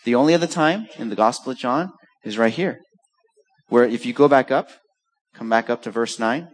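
In his sermon, a pastor animatedly tells a story, bringing the quotes to life by acting out each voice. He speaks in a mid-range voice at a moderate pace.

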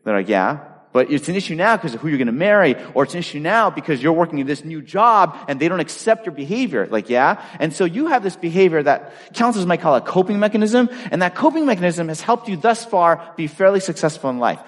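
Animated male pastor in a reverberant hall. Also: fairly high pitch, fast. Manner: animated storyteller acting out dialogue. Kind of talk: storytelling sermon. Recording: long reverb of a large hall.

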